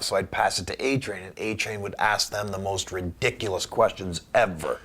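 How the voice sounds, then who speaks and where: A man being interviewed, telling a story in a casual, animated way and acting out the voices of the people in it. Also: lowish voice, moderate pace, few pauses, breathy edge. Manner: animated anecdote teller who acts out quoted voices. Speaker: guest wrestler.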